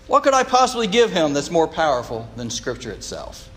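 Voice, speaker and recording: Male preacher with lively pitch. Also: brisk. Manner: storytelling, reading quotes aloud. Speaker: pastor. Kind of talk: sermon retelling a story. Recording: long reverb of a large hall.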